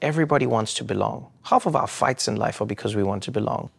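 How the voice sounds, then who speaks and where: A man's voice: medium pitch, fast, gravelly, slightly rough. A man in his thirties with a South African accent, a comedian giving thoughtful interview answers that turn into stories. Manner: thoughtful, storytelling, with small restarts.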